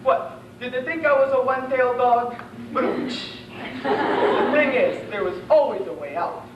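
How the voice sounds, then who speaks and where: Young man playing a gruff talking dog, wisecracking, high voice, slow, echoey room. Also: dull audio, noisy background. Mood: scheming. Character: scrappy talking male dog sidekick. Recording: echoey room, far-off camera.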